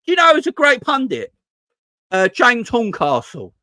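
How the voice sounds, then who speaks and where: A man's voice: extremely high pitch, huge pitch swings, moderate pace, bright, forceful tone, no room sound. A man ranting casually about football as host of a fan channel, swearing and stumbling over his words when frustrated. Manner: exasperated, swears, repeats himself when frustrated.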